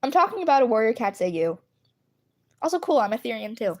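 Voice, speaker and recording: Giggly, animated woman livestreamer, slightly high voice, speaks straight to her viewers. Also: fast. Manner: giggly, laughs between sentences. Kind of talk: casual chat.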